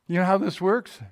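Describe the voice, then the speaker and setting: A man in his sixties preaching a sermon as a pastor, telling a personal story and often checking in with his listeners. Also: high voice.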